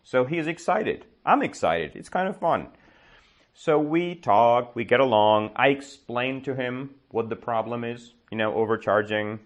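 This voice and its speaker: Lively male teacher telling a story. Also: mid-range voice, dull audio. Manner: slow, exaggerated storytelling with comprehension checks. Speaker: English teacher. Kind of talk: storytelling lesson with questions to learners.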